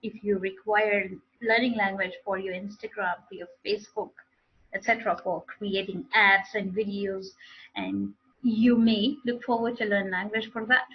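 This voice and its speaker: A woman's voice: medium pitch, steady tone, moderate pace, slightly rough, highs cut off. A woman teaching a live online English speaking class, explaining with repeated and restarted phrases.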